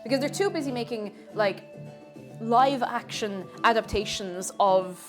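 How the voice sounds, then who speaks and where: A woman streamer chatting casually while cooking, rambling through deadpan absurd jokes. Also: on the high side, measured pace, faint music behind.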